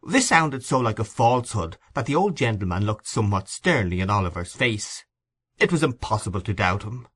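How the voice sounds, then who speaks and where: Low-voiced man reading a storybook aloud. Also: sing-song, moderate pace, a bit bright, slightly rough. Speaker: audiobook reader. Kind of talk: storybook narration.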